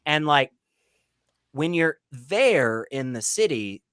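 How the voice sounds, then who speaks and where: A man's voice: on the high side, sing-song, slow, fairly bright tone, clean tone, no echo, clean studio sound. A man hosting a casual group conversation, speaking with enthusiasm and emphasis. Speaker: host.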